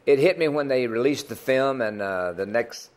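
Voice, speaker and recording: With a mid-range voice and an animated manner, the older man, who sings country and runs a club, recounts folksy, wandering anecdotes at a moderate pace during a TV interview.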